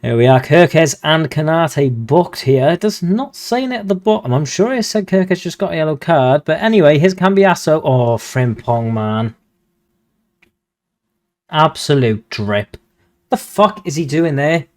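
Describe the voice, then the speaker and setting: Excitable man, slightly high voice. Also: measured pace. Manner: excitable, swears when frustrated. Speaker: video game streamer. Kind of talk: casual football game commentary.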